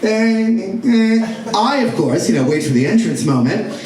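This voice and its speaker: Animated man telling a story live on stage. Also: high-pitched, unhurried, a crowd in the background. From Staten Island, New York. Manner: animated, acts out other people's voices. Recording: echoey hall, recorded from far off, audience. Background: audience laughter.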